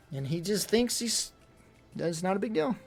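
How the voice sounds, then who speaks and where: A man's voice: sits high, gravelly. A young man venting in casual livestream chat, rambling and exasperated, full of fillers.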